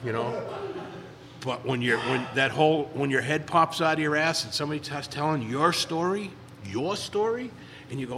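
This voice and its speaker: A man's voice: a little high, animated, normal speed, sharp tone, big-room sound, slight background noise. A man in recovery telling stories at a meeting, rambling and repeating words as he acts out quotes in a casual way. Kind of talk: casual storytelling talk.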